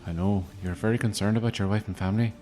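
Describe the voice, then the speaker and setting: A man's voice: on the low side, steady tone, fast talker, dark tone, soft background music, lightly acted. A man voicing a chatty Northern Irish paramilitary figure with a Northern Irish accent, who rambles and teases in a mock-formal way. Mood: sly. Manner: rambling, teasing, mock-formal "Mister Ford".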